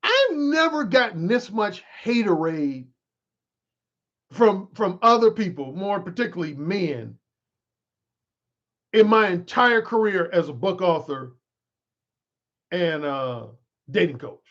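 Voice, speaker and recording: A man whose voice sits high talks slowly with long pauses, candidly addressing his followers on a livestream; he is a dating coach and author. Animated, he restarts often, and the recording from his desk microphone, adjusted mid-stream, is muffled.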